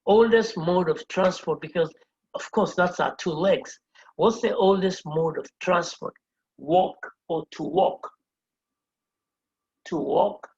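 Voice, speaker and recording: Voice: medium pitch, takes it slowly, vocal fry, pauses often, darkish tone, slightly rough, highs cut off. A Spanish teacher giving a whiteboard lesson, patiently spelling out each word letter by letter and repeating every term. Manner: patient, explains step by step. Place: indoors at a whiteboard.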